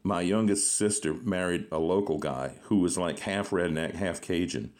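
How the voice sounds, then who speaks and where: With a deep, darkish voice at normal speed, this man runs a laid-back podcast interview. He's a jokey storyteller who laughs frequently.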